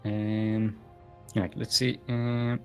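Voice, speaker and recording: A man's voice: fairly low pitch, little pitch movement, slow, faint music behind. A young man casting a live game match on his own, rambling and joking with many fillers and restarts. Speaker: esports caster. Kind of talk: solo live game commentary.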